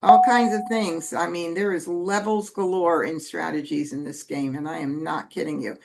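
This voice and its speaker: A woman's voice: lowish voice, fairly even intonation, normal speed, creaky, very noisy. A woman teaching Mah Jongg strategy in a casual, chatty way, correcting herself and adding asides as she plays. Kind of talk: casual teaching while playing.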